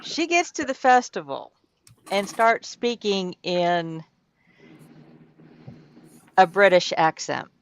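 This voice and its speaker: A woman's voice: medium pitch, big pitch swings, slow pace, pauses often. A woman telling amused stories about her daughter in casual chat. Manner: amused storytelling with laughs. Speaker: mother, festival performer.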